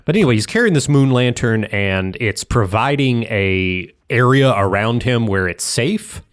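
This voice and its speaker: Lively man co-hosting a gaming chat. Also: medium pitch, measured pace, clear, resonant tone. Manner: explains game mechanics step by step. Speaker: podcast co-host.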